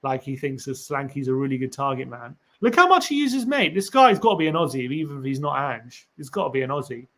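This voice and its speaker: A man's voice: mid-range voice, sing-song, quick pace, few pauses, a bit bright. A man hosting a casual live stream for a fan channel, reading tweets aloud, musing and rambling with rhetorical questions to viewers.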